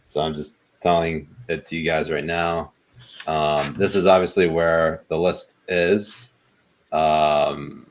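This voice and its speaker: Deep-voiced laid-back podcast co-host man. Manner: laid-back, chatty, lots of ums. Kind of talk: casual chat.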